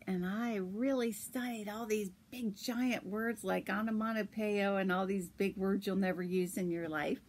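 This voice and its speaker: A middle-aged woman hosts a podcast from her yarn shop, chatting casually about knitting, laughing often, telling stories and showing patterns. Her voice is medium-pitched, with slight background noise.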